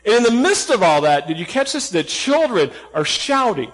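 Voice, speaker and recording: A man with a high voice preaches with earnest emphasis, firing rhetorical questions at his listeners. His words ring out with a long echo, as though from a big hall. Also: big pitch swings, normal speed. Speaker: pastor. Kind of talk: sermon.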